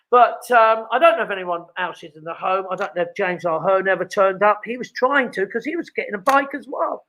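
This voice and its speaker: This is casual live chat from home: an older male host talks on and on, rambling, full of fillers and false starts. He sits high in pitch with a pushed, bright quality, and the audio is dull.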